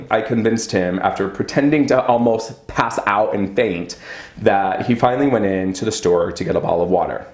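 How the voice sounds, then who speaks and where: A man's voice: on the low side, normal speed. A man telling a personal story in a casual storytime monologue, swearing freely and dramatically acting out what people said. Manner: profane, animated and dramatic, acting out quotes. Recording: roomy echo.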